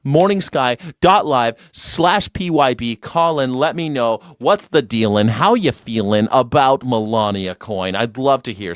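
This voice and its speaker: A man's voice: animated, a little slow, few pauses, smooth, no room sound, clean studio sound. Sarcastic man hosting a call-in stream. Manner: mocking, swings from shouted mock outrage to low asides. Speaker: live-stream host.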